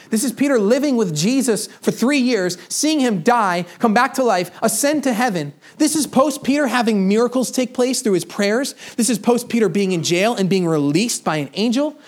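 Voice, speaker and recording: A young adult man preaching a sermon in a casual storytelling manner, with humorous asides and personal confessions. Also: high voice. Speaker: pastor.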